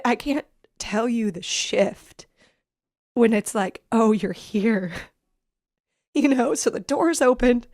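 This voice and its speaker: Gravelly-voiced woman telling a personal story. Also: a little high, darkish tone, no echo, clean studio sound. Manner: rambling, many fillers and restarts. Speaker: podcast guest. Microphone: video call.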